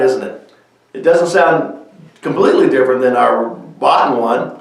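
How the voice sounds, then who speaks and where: A man's voice: medium pitch, moderate pace, gravelly, heavy reverb, far from the mic, poor audio. A man hosting a children's music show, explaining step by step how to make a kazoo, with easygoing fillers. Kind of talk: craft demonstration for kids.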